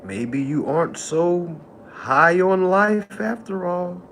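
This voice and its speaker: A man hosting a casual livestream monologue who talks in an animated way, laughs often and repeats himself. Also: high voice, takes it slowly, creaky, a little hiss or hum. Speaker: livestream host.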